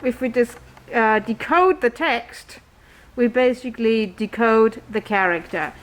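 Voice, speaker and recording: Brisk woman leading a drama workshop. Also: on the high side, a little hiss or hum, low-quality recording. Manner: brisk, questioning, encouraging. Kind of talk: classroom instruction.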